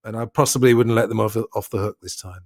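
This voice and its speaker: A man's voice: fairly low pitch, fast, dry recording, clean studio sound. A man hosting a podcast, casually talking through a film in a musing, slightly hesitant way. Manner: leads the talk, musing and a bit hesitant. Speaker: podcast host.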